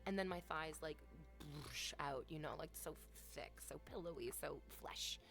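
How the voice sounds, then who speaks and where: A woman's voice: deep voice, moderate pace, vocal fry, a bit bright, soft background music. A woman streamer chatting casually at home, playful and teasing, talking straight to her viewers. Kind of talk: casual live-stream chat. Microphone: desk microphone, off camera.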